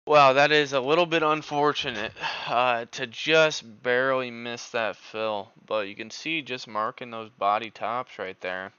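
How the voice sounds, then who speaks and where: Male trading streamer, bright tone, hesitant thinking-aloud delivery, muffled audio. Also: mid-range voice, steady tone, unhurried, hardly any pauses, clear, resonant tone, no echo. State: out of breath. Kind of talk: live market commentary.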